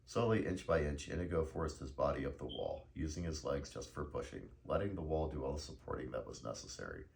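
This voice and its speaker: A man reading a novel aloud in a measured storytelling manner. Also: a bass voice, lively intonation, creaky, darkish tone. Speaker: narrator.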